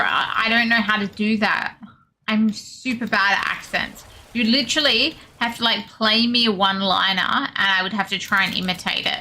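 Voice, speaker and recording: A young woman with an Australian accent chats away to her stream while she plays, joking at her own expense and laughing easily. Her voice is bright and forward. A faint hum sits behind her. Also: medium pitch. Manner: chatty, self-deprecating, laughs often, reads chat aloud. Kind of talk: casual gaming stream chat.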